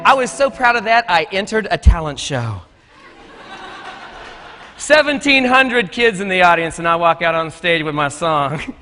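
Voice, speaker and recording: A man's voice: sits high, big pitch swings, measured pace, sharp tone, soft background music. A middle-aged man giving a conference talk, telling folksy, joking stories about teaching and growing up. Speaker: conference speaker. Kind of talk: storytelling keynote talk. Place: conference stage. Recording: echoey hall.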